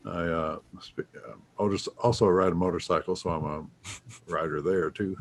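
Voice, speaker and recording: A man chatting as a guest in a low-key, hesitant way. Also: steady tone, normal speed. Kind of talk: casual chat.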